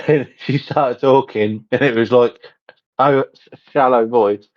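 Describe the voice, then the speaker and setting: A man's voice: mid-range voice, fairly even intonation, takes it slowly. Jokey man co-host, lo-fi audio. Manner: jokey, laughs often. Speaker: podcast co-host. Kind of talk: casual podcast chat. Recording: slightly muffled lo-fi sound.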